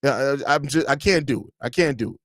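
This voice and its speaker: A man with a Chicago accent hosting a live podcast stream, reading chat comments and ranting in a blunt, profane, animated way. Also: mid-range voice, a little fast, no room sound, clean studio sound.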